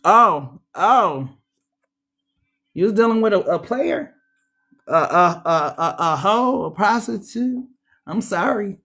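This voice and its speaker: Woman tarot reader, casual and animated, talks straight to viewers, slangy, mid-pitched. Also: slow, pauses often. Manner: animated, chatty, addresses viewers directly; frequent laughs and acted-out quotes. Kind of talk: casual tarot reading to camera.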